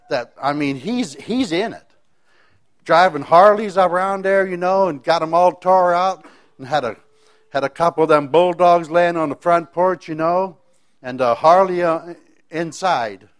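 Folksy man telling a faith testimony. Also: fairly high pitch. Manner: folksy, rambling, frequent restarts. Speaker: speaker sharing a faith testimony. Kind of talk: personal testimony storytelling.

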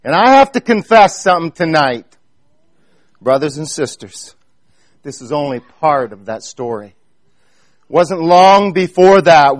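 A man with a high voice and an Amish accent preaches to his congregation. He tells his story earnestly and speaks to them directly. The recording is dry and close, with almost no room sound. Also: no room sound. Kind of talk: sermon.

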